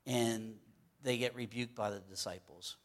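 A man's voice: fairly low pitch, fairly even intonation, unhurried. A man teaching scripture in a loose, conversational sermon, often repeating words for emphasis and restarting phrases. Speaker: Bible teacher.

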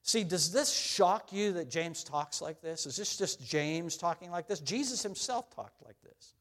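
This middle-aged pastor preaches earnestly to his congregation, his voice rising loud on scripture quotations and falling low and quiet on his questions. The intonation is lively and the pace a little slow.

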